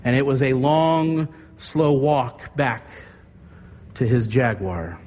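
A man preaching a sermon, telling an illustrative story in a deliberate, drawn-out way. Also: medium pitch, animated, a little mellow, in a large hall. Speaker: pastor.

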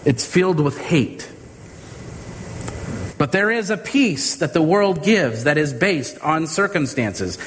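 A male pastor preaches slowly and earnestly, stretching his key words, his voice sitting a little high. A long hall reverb trails each phrase over a faint room hum. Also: animated, fairly bright tone. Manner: earnest, drawn-out emphasis. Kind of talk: sermon.

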